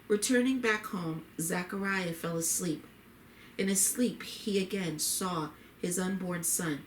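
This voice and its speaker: Slow, low-voiced woman narrating a story. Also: far from the mic, a little hiss or hum. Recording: roomy echo, faint ambience.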